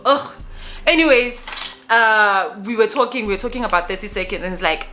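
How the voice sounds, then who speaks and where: Brief: young woman, South African accent, crisp bright tone, animated storytime vlogger. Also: mid-range voice, a little fast, faint music behind. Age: young adult. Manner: animated, mixes in Zulu phrases. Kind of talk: casual storytelling.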